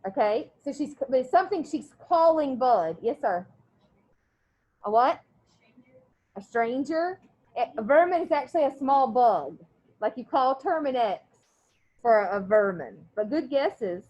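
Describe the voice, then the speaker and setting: Woman teacher, high voice, class read-aloud, animated and quizzing. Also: measured pace, pauses often, dull audio. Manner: animated, quizzing students between passages.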